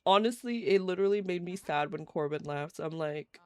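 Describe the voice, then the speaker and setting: A woman's voice: fairly low pitch, a little fast, smooth, no echo. A woman streamer giving casual, giggly commentary on a life-simulation game while she plays live. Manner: chatty, giggly, reacts to gameplay. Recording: faint game music behind.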